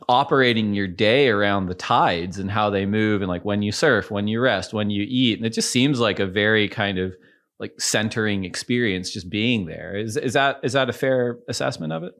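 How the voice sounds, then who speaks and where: A man's voice: lowish voice, moderate pace, a bit bright. A man hosting a surf podcast, asking long, thoughtful questions with frequent restarts. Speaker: podcast host. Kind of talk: conversational interviewing.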